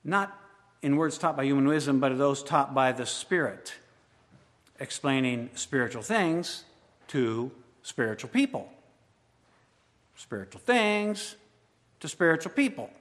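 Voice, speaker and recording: A man preaching a sermon as pastor, swinging between loud emphatic declarations and quiet, intimate asides. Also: medium pitch, animated, measured pace, long pauses. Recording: long hall reverb.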